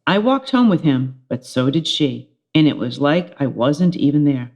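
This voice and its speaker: A middle-aged woman, a teacher, reading a children's chapter book aloud, telling it with lively expression. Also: deep voice, moderate pace. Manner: expressive storytelling with character voices.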